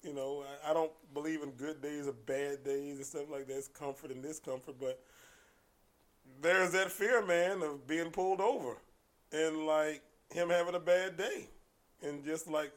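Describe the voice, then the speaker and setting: Man, podcast guest, casual storytelling, animated and laughing, stammering restarts, fairly high voice. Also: normal speed. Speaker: martial arts coach, podcast guest.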